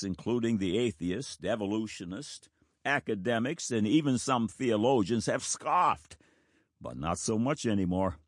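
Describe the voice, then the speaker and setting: A man's voice: mid-range voice, fairly bright tone, no echo. A man delivering a sermon, earnest and emphatic, with a voice that rises and falls a great deal as he presses each point. He reads scripture in between his own remarks. The sound is dry and close, with no room around it. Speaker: preacher.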